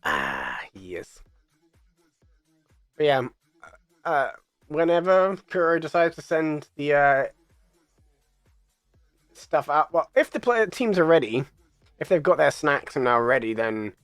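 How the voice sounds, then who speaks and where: A man's voice: fairly high pitch, big pitch swings, takes it slowly, long pauses, a bit bright, no room sound, clean studio sound, faint music behind. A man casting an esports tournament, chatting casually on a live stream between matches, chatty and giggly. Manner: chatty, giggly, plays with silly voices.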